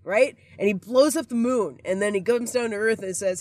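Woman co-host, mid pitch, dry sound, eager plot-recapper. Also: moderate pace, hardly any pauses, a little mellow, no room sound. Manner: enthusiastic, laughs often while explaining plots. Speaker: podcast co-host. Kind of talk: casual chat about movies.

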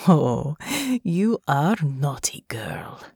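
A woman voicing a big, strong female guard, speaking in a low, sultry, teasing purr. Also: lively intonation, slow, warm tone, slightly rough, no echo, studio quality, exaggerated voice.

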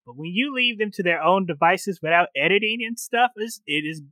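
A male host with a bright, forceful, somewhat high voice jokes with his guest. The sound is dry and close, with no room echo. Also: lively intonation. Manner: joking, quick asides. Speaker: podcast host. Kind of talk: casual chat.

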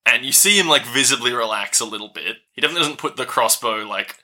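A man's voice: medium pitch, expressive, pushed and bright. A man running a tabletop game as game master, narrating casually with many fillers and jokes. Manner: jokey, filler-heavy, quick laughs.

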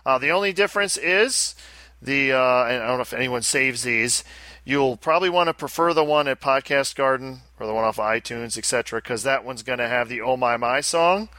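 A man's voice: mid-range voice, brisk, pushed and bright, dry recording. A man with an Australian accent, co-hosting a casual podcast and reading listener mail aloud in a chatty way. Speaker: podcast co-host.

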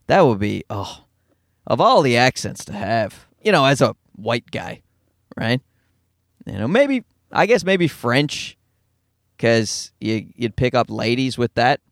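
Man, Newfoundland accent, middle-aged, quick profane rambling, dry close sound. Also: medium pitch, very animated, vocal fry, no room sound. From Newfoundland, Canada. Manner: fast-talking, profane, self-deprecating. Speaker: stand-up comedian, podcast host. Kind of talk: casual rambling monologue. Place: in a car.

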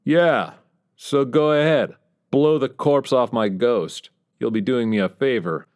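A man's voice: medium pitch, a little slow, a little mellow, voice pushed up, natural voice. A man voicing a wisecracking retired spy of about seventy, trading dry, sardonic quips. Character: wisecracking dying old male ex-spy, seventy.

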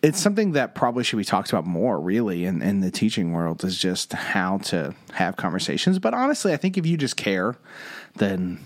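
A man, an assistant principal co-hosting a podcast, talking casually and reflectively with frequent restarts. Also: dry recording. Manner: reflective, halting with restarts, lively pitch swings. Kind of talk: casual conversation.

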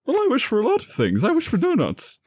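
Casting: man doing a high, whiny, dramatic young guy who only wants donuts, pitch jumping all over. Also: wildly swooping pitch, fast talker, darkish tone, slightly rough, no room sound, studio quality, full character voice. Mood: petulant. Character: panicky donut-obsessed young man in a bird costume.

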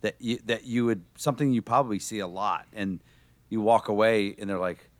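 A man's voice: fairly low pitch, fairly even intonation, normal speed, dry recording. A man co-hosting a podcast, asking long, rambling, joking questions. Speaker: podcast co-host.

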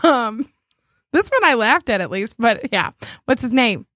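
A high-pitched woman in playful casual chat. Her voice moves widely as she reads out jokes and sings along. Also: sing-song, a little slow, a bit bright, no room sound, studio quality.

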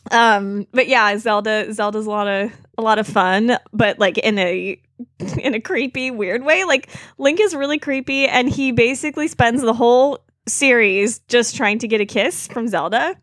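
Giggly high-voiced woman chatting. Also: moderate pace, fairly bright tone, no echo, clean studio sound. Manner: giggly, breaks into silly cartoon impressions. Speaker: podcast co-host. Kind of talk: casual chat.

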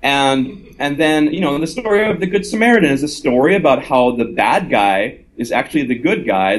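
A man's voice: medium pitch, poor audio. A man, an author speaking at a live gathering, who reasons aloud in an earnest, conversational way and often slips into quoted voices.

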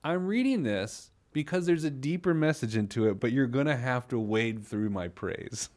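A man's voice: mid-range voice, lively intonation, normal speed, darkish tone. A man hosting a casual radio talk show about money, playful and self-mocking, laughing often. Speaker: financial radio show host.

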